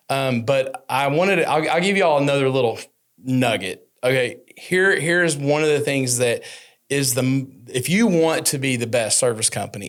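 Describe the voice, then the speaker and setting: A man talks shop on a business podcast, mid-range in pitch and loose in delivery. He tells stories with energy and jumps up in pitch whenever he acts out what customers and friends said. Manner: animated storyteller, acts out quotes with rising pitch. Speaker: podcast host. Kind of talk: casual business podcast chat.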